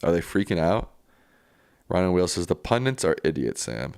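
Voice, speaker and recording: Very animated at a normal speed, a man with a very low voice, darkish yet clean in tone and with vocal fry, hosts a live stream. He reads viewer comments aloud and responds casually and plainly, with a dry, close sound and no room echo.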